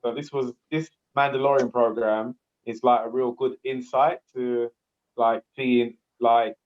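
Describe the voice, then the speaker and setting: A man's voice: mid-range voice, little pitch movement, measured pace, a little mellow. A man co-hosting a casual podcast chat, talking in a rambling, hesitant way with lots of fillers. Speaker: podcast co-host. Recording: dull lo-fi audio.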